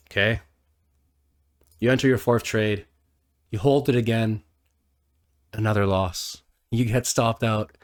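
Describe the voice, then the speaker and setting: A man talking casually as a trading educator, often tagging lines with "okay?", acting out a trader's inner thoughts and swearing now and then. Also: medium pitch. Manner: conversational, filler "okay?" tags, acts out inner voices, curses. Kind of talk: casual monologue to camera.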